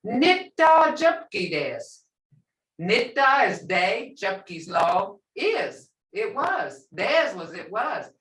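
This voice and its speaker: An older woman teaches a language class in a relaxed, chatty way, repeating each phrase slowly. Her voice swings lively up and down as she explains. She is recorded from across an echoey room. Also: mid-range voice. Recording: echoey room, mic set far off.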